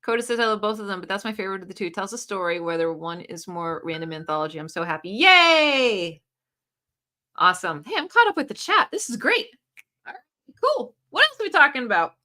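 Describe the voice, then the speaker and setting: A woman from the United States hosting a casual livestream, chatting and reading viewer comments aloud in an animated way. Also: a little fast. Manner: chatty and animated, pitch leaping up and down. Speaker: livestream host.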